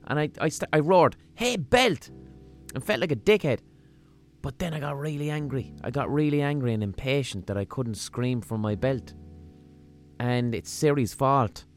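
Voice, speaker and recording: Profane Limerick man rambling comically. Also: medium pitch. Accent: Limerick Irish. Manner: rambling, profane and deadpan-humorous. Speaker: podcast host. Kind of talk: casual comic monologue.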